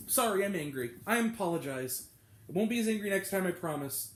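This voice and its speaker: A man's voice: high voice, animated, fairly quick, reverberant. A young man reviewing a film in an exasperated rant, addressing his channel's viewers. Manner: exasperated, ranting. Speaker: movie reviewer. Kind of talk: ranting video review.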